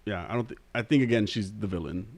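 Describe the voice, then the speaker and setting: A man's voice: fairly low pitch, fast. A man co-hosting a podcast in casual chat, who laughs often and talks hesitantly with many fillers and restarts. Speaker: podcast co-host.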